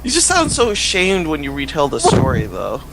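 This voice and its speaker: A man's voice: a little high, huge pitch swings, moderate pace, vocal fry, crowd noise, low-quality recording. A man co-hosting a casual podcast, drawling as he reads things aloud. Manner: drawling, reads things out while looking them up. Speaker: podcast co-host. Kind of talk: casual chat.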